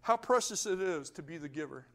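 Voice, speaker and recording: Male pastor, high voice, emphatic sermon delivery with rhetorical questions. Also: lively intonation, fairly quick, a bit bright. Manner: emphatic preaching that rises and falls, with rhetorical questions to the congregation.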